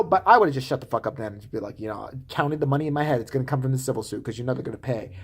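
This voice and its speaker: A woman's voice: very deep voice, lively intonation, rapid-fire, hardly any pauses, breathy edge. A woman vlogger giving profane, sarcastic commentary with frequent swearing. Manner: sarcastic, swearing, laughing asides.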